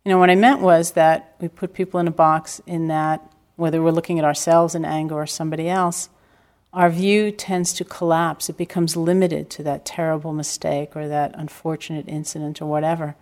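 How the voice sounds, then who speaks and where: Older woman, meditation teacher, lowish voice, calm reflective dharma talk, wry humor. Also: fairly quick. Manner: calm, reflective storytelling with gentle self-deprecating humor. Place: retreat center hall.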